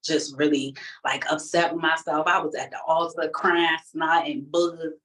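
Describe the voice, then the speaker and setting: A woman with a low voice tells her personal testimony, candid and emotional, with plenty of casual fillers. She sits a fair way back from the microphone, so the sound is distant. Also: little pitch movement, normal speed, a bit bright. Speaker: person giving a church testimony.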